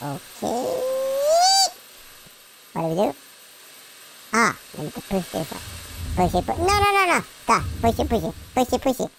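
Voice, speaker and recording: A gamer doing let's play commentary through a chipmunk pitch-shift, goofy and excitable, with silly sound effects and nonsense chatter. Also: brisk, creaky, pauses often, heavy background noise.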